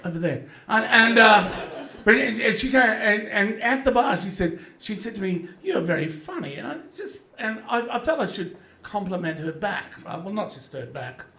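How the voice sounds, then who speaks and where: A man's voice: sits high, animated, normal speed, sharp tone. A man in his fifties with an Australian accent doing live stand-up, rambling, crude and self-mocking, with lots of fillers and restarts. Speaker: stand-up comedian. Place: comedy club stage, audience laughing.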